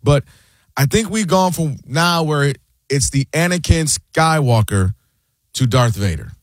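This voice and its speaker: A man with a fairly high voice talks sports on a show, animated and opinionated, building his argument in a loose conversational way. The sound is dry and close, with no room behind him. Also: no echo. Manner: animated and opinionated, slips into quick impressions of fans and players. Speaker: sports talk host. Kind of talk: casual sports commentary.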